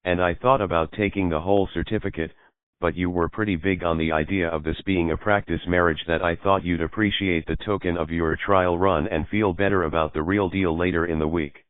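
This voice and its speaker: A man's voice: low-pitched, steady tone, a little fast, clean tone, no echo, natural voice. A man voicing a defensive, evasive young man who sounds exasperated. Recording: dry, phone-like lo-fi audio.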